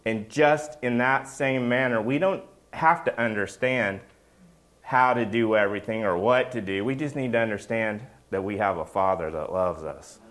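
A man's voice: on the low side, normal speed, a bit bright. A middle-aged man giving a casual, joking sermon as a pastor, often checking in with the congregation by asking "right?".

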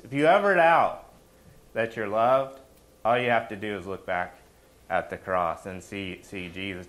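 A male pastor delivering a loose, conversational sermon, his voice at an ordinary middle pitch. He is animated, throws questions at the congregation and tags his points with quick check-ins. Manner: animated, asks the congregation questions, often adds "right?".

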